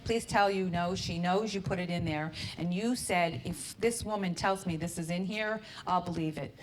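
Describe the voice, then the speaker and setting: A woman working as a spirit medium, giving readings to an audience in a warm, coaxing way and calling people honey and sweetheart. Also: fairly low pitch, moderate pace, a little hiss or hum.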